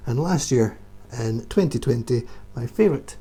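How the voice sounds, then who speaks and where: A man's voice: medium pitch, measured pace, few pauses, mellow, breathy edge. A man working as a whisky tour guide, talking through favourite whiskies in a casual, enthusiastic and emphatic vlog recorded indoors at home. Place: indoors at home beside a shelf.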